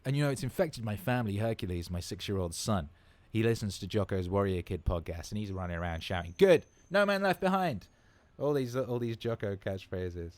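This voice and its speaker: A man in his thirties talks fairly quickly with hardly any pauses as he hosts a relaxed livestream Q&A. His lowish voice is a little mellow and there's no echo. He rambles happily, swears freely, and leans on repeated words for emphasis.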